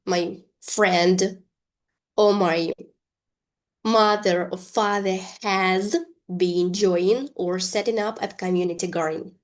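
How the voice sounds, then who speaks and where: A woman leads an online English lesson in a medium-pitched voice. She reads each example sentence slowly and deliberately and explains it with care. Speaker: English teacher.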